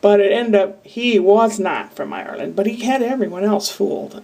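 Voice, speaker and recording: A woman's voice: mid-range voice, lively intonation, normal speed, few pauses, darkish tone. A woman from Iowa talking to camera in a casual, rambling, candid diary-style monologue full of asides. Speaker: vlogger. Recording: voice a bit far from the mic.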